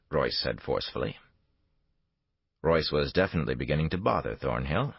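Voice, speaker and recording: A man narrating a thriller audiobook in a measured, dramatic storytelling manner. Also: very deep voice, animated, gravelly, slightly rough, dry recording. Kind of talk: scripted narration. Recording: dull lo-fi dry recording.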